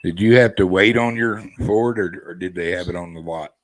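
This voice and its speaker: A man's voice: low voice, moderate pace, poor audio. A man chatting casually with viewers on a live stream, easygoing and rambling. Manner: easygoing, rambling, laid-back.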